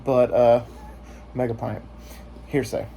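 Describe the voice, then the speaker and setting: A man's voice: medium pitch, level tone, slow, gravelly, warm tone, a little hiss or hum. A man vlogging in casual chat, joking and rambling with lots of filler words.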